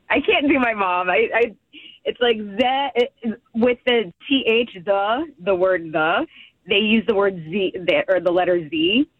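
A woman's voice: medium pitch, dry recording. Egyptian-born woman calling in, lots of ums and likes, sounds like a phone line, dry. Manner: hesitant, filler-heavy, giggly. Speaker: guest. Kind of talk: casual radio chat.

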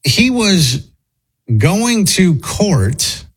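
A man's voice: high voice, very animated, extremely slow, breathy edge, low-quality recording. A man hosting a casual commentary chat, talking in a conversational way with restarts as he reacts and thinks aloud. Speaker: host.

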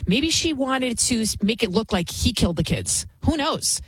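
A woman's voice: a little high, sing-song, moderate pace, husky, no echo, rough recording. A woman hosting a talk show, giving emphatic, indignant commentary and repeating phrases to drive her points home. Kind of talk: opinionated commentary.

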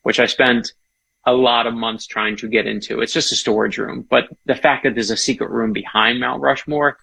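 Male author guest, gravelly and husky, eager storyteller. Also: medium pitch, fairly even intonation, normal speed, bright, forceful tone. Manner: enthusiastic, storytelling. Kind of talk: casual interview chat.

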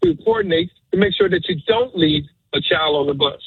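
A man phones into a radio show, emotional and preachy as he repeats his message. His voice is husky and sits a little high. It comes through a thin, phone-like line. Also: wildly swooping pitch, fairly quick, no room sound. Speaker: radio caller. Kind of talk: call-in radio talk.

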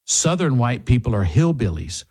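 A man's voice: medium pitch, sing-song, normal speed, darkish tone, breathy edge. A man hosting a political talk radio show, delivering an impassioned monologue full of rhetorical questions and mocking asides, then reading a sponsor spot.

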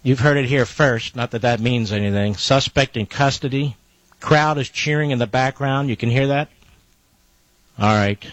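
A man's voice: medium pitch, normal speed, dry recording, muffled recording. A man hosting live talk radio, relaying a police scanner with emphatic, indignant commentary and repeated phrases.

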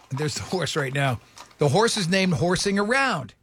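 A man's voice: high voice, animated, moderate pace, fairly bright tone, slight background noise. A middle-aged man co-hosting a casual chat, telling a rambling story with lots of restarts. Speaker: podcast co-host.

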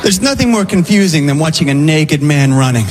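A man's voice: fairly high pitch, animated, a little fast, crowd noise. A man telling wry stand-up style jokes. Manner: wry joke delivery. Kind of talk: stand-up comedy bit. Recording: noisy recording.

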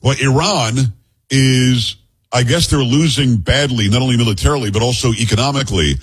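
Husky middle-aged male podcast host. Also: mid-range voice, fairly quick. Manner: rambling, joking asides, teasing his co-host. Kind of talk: casual talk-show chat.

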